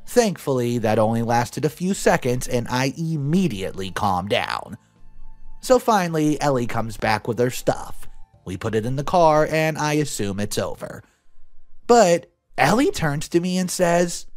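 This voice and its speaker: Lively young man narrating a story. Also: medium pitch, measured pace. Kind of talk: reading a story aloud. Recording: dry close voice with faint music.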